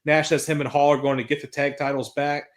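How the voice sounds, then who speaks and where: Man, slightly high voice, casual podcast recap, excitable, swears a lot. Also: fairly quick. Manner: excitable, swears freely, reads out promo quotes. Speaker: podcast co-host recapping wrestling.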